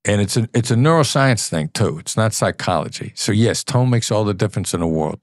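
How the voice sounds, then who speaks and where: A man with a very low, deep voice talks through his ideas in an earnest, explanatory way, now and then demonstrating tones of voice. The sound is dry and close, with no room echo. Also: expressive, brisk. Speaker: podcast guest, former FBI negotiator. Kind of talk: conversational interview.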